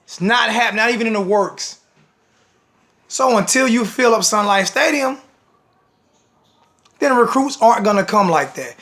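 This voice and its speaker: A man's voice: sits high, vocal fry, a bit bright. A man with a blunt, scolding manner, ranting to the camera as a sports fan vlogger.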